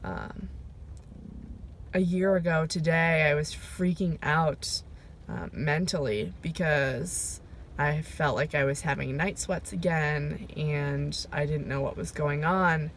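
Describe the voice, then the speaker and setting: A woman recording a personal video diary, talking reflectively and emotionally, pausing often with fillers as she goes. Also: deep voice, slight background noise. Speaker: vlogger. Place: sitting in her car. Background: rain.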